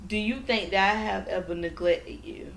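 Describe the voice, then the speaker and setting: Her voice is medium-pitched, gravelly, and a bit bright, moving at a normal speed as she co-hosts a casual podcast. She spins stories loaded with swearing and laughs often, with faint noise and echo in the room.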